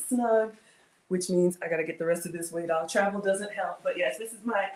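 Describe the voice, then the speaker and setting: A woman's voice: mid-range voice, darkish tone, slight background noise. A woman in her forties hosting a casual home cooking livestream from her kitchen, chatty and greeting viewers by name.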